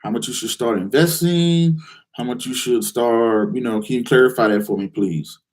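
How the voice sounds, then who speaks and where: A man hosting a live investing call-in show, answering viewers' questions in a direct, challenging way with lots of rhetorical questions. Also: moderate pace. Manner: animated, acts out excited investors in a higher voice.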